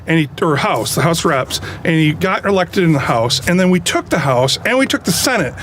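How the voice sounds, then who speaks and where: A man's voice: on the high side, expressive, a little fast, fairly bright tone, slight background noise. A man chatting casually and joking with a reporter while outdoors. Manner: joking, good-humored. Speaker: interviewee. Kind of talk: casual chat in a news report. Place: outdoors on a frozen lake.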